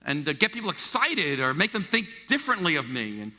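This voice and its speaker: A middle-aged man from the United States preaching a sermon as a pastor, animated and stammering through restarts as he acts out quoted voices. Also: on the high side, fairly quick. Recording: long reverb of a large hall.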